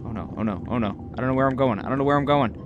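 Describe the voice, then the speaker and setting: A young man giving live gameplay commentary, talking to himself, excitable and swearing often. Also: mid-range voice, rapid-fire, highs cut off, background noise. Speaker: gaming video host.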